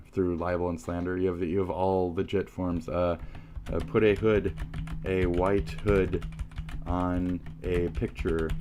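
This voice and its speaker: A man's voice: low voice, a little mellow. A man streaming live, delivering a profane, rambling, combative rant at his viewers. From United States.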